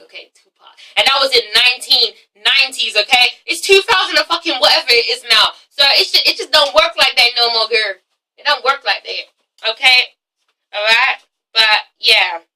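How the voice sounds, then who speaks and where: A woman's voice: high voice, pushed and bright, recorded from a distance, poor audio. A young woman with an English accent giving a blunt, sassy review, swearing freely and tagging "okay?" onto her points. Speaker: vlogger reviewing a reality show. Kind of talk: casual sassy commentary.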